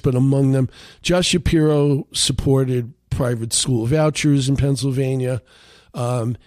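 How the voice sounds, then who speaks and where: A man's voice: mid-range voice, a little mellow, no room sound. A man hosting a political talk radio show, giving his commentary in a loose, conversational monologue full of "you know" and "uh". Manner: conversational, many fillers and restarts.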